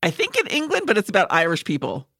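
A woman co-hosting a podcast who rattles through pop-culture tangents in a bright, gravelly voice. Her pitch swings widely, and she drops in an offhand swear now and then. The sound is dry and close. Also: huge pitch swings, quick pace, no echo. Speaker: podcast co-host. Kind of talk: casual chat.

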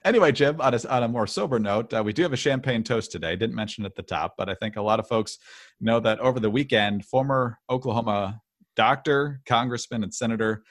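A man co-hosting a podcast, speaking in a measured, wry way with many fillers. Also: medium pitch, no room sound, clean studio sound. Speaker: podcast co-host. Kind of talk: casual political commentary.

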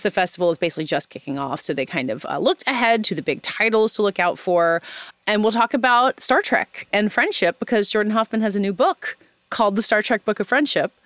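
A woman's voice: medium pitch, quick pace, no room sound. A woman hosting an awards-season podcast, chatting casually with fillers. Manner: relaxed, chatty with frequent fillers. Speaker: podcast host. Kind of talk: casual chat.

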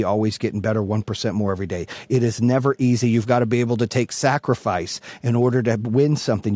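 Loud, husky-voiced man yelling motivation. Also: mid-range voice, dry recording. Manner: profane, blunt. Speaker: podcast host and business coach. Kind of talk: motivational speech.

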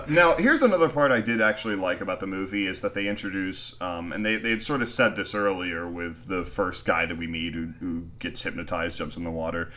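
A lower-pitched man with a bright, forceful edge to his voice, talking through a film in casual podcast chat. He swears freely and keeps jumping into animated impressions of the characters and the filmmakers, tumbling from one point to the next. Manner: animated, profane, acts out scenes in quoted voices. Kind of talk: casual movie review chat.

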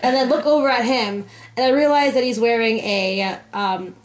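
A woman's voice: on the high side, normal speed. A young woman co-hosting a podcast, telling a funny story in a playful, giggly way. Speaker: podcast co-host. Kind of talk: casual chat.

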